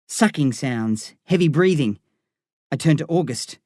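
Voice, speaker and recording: A man's voice: on the high side, animated, warm tone, no room sound. Man narrating an audiobook, dry close sound. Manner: first-person, measured storytelling.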